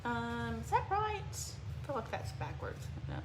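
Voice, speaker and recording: Hosting a relaxed crafting livestream in an echoey room with faint background noise, a middle-aged woman greets viewers by name and grows teary at times. She speaks unhurriedly in a fairly high voice whose pitch swoops wildly.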